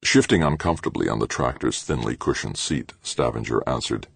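Male audiobook narrator, bass voice with fry, animated delivery, dry studio. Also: brisk, few pauses, no room sound. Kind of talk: scripted narration.

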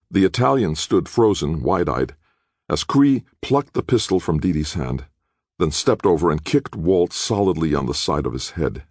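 A man narrating a thriller audiobook in a measured, dramatic way. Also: rumbling low, darkish tone, dry recording, clean studio sound.

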